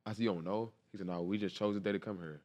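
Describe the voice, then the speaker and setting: Man, low voice, rapid animated storyteller, interview guest. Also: very noisy. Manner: animated, quick storytelling with slang and repeated quotes. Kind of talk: casual storytelling.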